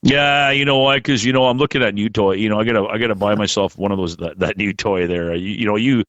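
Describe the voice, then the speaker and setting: Man, lowish voice, dry close sound, rambling podcast chat, swears freely. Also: fast, fairly bright tone, no room sound, muffled recording. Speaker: podcast host.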